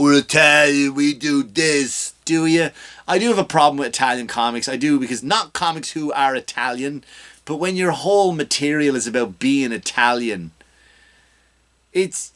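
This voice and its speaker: A man's voice: medium pitch, fairly bright tone. A male comedian hosting his own podcast, delivering a ranting, self-mocking comedic monologue.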